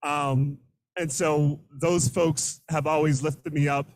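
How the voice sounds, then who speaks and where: A middle-aged man, a teacher, giving an unscripted, emotional acceptance speech into a handheld microphone, halting and repeating words. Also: a little high, flat delivery, low-quality recording. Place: room full of students and colleagues.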